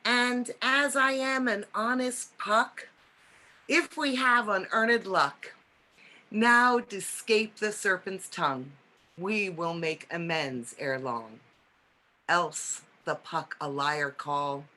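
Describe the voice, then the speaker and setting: A woman reading the part of Puck, a mischievous fairy, in a Shakespeare reading over a video call, with slow, measured verse. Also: mid-range voice, bright, forceful tone. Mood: playful.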